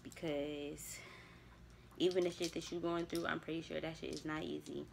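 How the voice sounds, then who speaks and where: A woman's voice: low-pitched, flat delivery, moderate pace, vocal fry, a little hiss or hum. A young woman, talking candidly to herself on camera about spiritual growth, with casual swearing. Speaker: vlogger. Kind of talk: casual reflective monologue.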